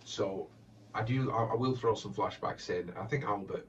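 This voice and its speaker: A man with a very low voice answers fan questions in a hesitant, chatty way, full of restarts. He sounds distant from the mic, and the recording is dull and lo-fi with faint background noise. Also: moderate pace. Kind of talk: casual Q&A chat.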